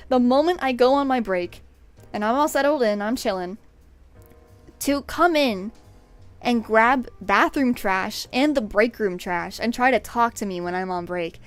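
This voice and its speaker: A young woman streams from home, telling a work story in a slightly high, lively voice. She sounds exasperated and laughs often, close on a desk microphone. Faint music plays underneath. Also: clear, resonant tone. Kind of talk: casual storytelling. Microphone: desk USB microphone.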